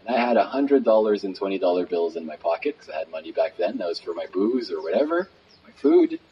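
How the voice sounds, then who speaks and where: A man telling a personal story as a guest, lively and casual with many fillers. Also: sits low, fast talker. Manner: animated, acts out quotes, many fillers. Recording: dull recording with faint noise.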